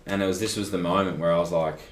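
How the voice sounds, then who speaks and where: A man's voice: sits low, fast. A young Australian man, a guest athlete, telling a personal story in a casual interview, acting out conversations and saying "like" a lot. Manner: animated, acts out conversations, frequent "like". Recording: echoey room.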